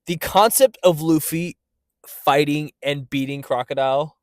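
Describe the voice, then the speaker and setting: A man's voice: fairly high pitch, a little slow, darkish tone, no room sound. A man co-hosting a podcast in casual chat, earnest and playfully dramatic. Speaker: podcast co-host.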